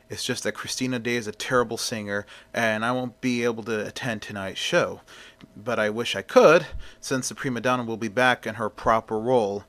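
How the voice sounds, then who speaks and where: A man's voice: mid-range voice, pushed and bright, lightly acted. A man doing a pompous sneering opera critic. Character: pompous male opera critic, snobbish and cruel.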